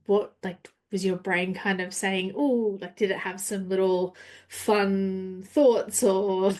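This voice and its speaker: Effusive woman podcast host. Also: medium pitch. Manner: effusive, many fillers like "like". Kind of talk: podcast interview.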